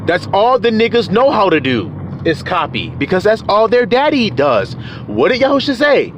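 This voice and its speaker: A man giving a fiery, profane scripture rant in coarse street slang, shouting at times and dropping low at others. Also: sing-song, normal speed, muffled recording, a little hiss or hum. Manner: shouting, preachy, swings loud and soft. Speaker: self-styled preacher.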